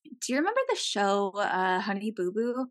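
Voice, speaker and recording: A young woman co-hosting a podcast, telling a casual story and acting out quotes with big jumps in pitch. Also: very animated, normal speed, no room sound. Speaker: podcast co-host.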